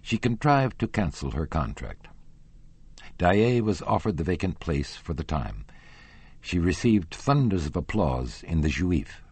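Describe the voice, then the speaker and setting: Here a man narrates a classic novel as an audiobook in a deep, slightly rough voice, captured in a dry recording. His reading is measured and expressive, and he softens his voice whenever he reaches quoted lines.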